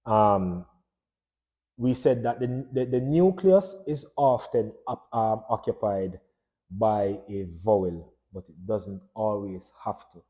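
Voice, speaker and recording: A man's voice: lowish voice, slow, dark tone. A man giving a casual lesson on phonology, asking his listeners questions and answering them himself. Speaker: language teacher.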